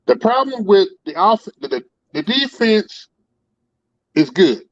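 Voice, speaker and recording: Emphatic high-voiced fan on a dull call. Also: male voice, very animated, slow pace. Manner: emphatic, repeats words while building a point. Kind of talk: casual sports talk.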